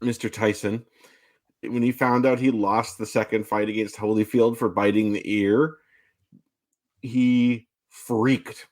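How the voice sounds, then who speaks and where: A man's voice: lowish voice, fairly even intonation, unhurried, darkish tone. A man co-hosting a casual podcast chat, arguing his point in long runs. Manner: argumentative, makes his case in long runs. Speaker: podcast co-host.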